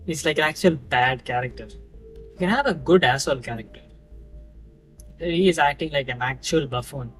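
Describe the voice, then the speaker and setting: A man reacting out loud while watching a film, blurting exclamations and swearing. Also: on the high side, moderate pace, long pauses, faint music behind. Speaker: film reviewer.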